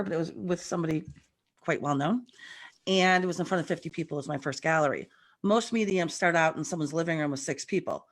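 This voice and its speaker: A guest medium with a lowish voice tells stories on a video call, animated and chatty. Her voice sounds a bit rough from the morning, and the talk is casual.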